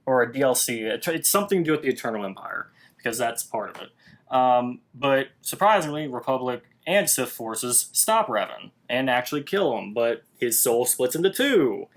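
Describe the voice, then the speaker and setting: A man's voice: medium pitch, expressive, moderate pace. Hesitant man retelling a story. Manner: recounting, hesitant, stumbles over words. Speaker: co-host. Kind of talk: casual chat.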